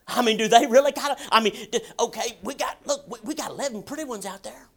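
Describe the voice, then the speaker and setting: A man preaching a sermon in a folksy, emphatic way, with shouts at times. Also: very high-pitched, a little fast. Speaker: pastor.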